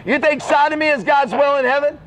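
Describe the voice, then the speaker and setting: An older man preaching in the open air, fervent and scolding, often shouting at his listeners. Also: very high voice, steady tone, a little fast, slight background noise, poor audio. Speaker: street preacher. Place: city street outdoors.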